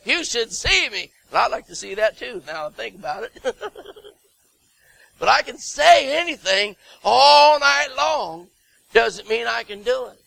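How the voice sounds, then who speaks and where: Very high, gravelly-voiced man preaching. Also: animated, sharp tone, no room sound, rough recording. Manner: earnest, emphatic, drawn-out stressed phrases; jokey self-mocking asides. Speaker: Baptist preacher. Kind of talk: sermon.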